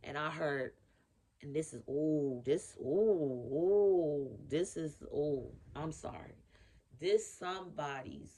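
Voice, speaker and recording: A woman's voice: low voice, mellow. A woman giving a casual spiritual reading to camera in a blunt, profane, emphatic way, repeating her key phrases. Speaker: spiritual reader.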